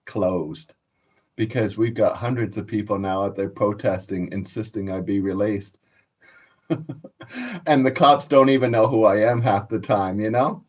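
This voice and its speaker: Speaking with a fairly low pitch, fairly even intonation and a moderate pace, this man tells stories casually. He runs a cannabis vlog, and his manner is profane, boastful and easygoing.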